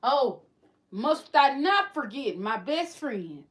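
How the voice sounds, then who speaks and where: Female livestream host, high-pitched, casual candid chat, rambling with restarts. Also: big pitch swings, slow pace, low-quality recording. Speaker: livestream host, beauty business.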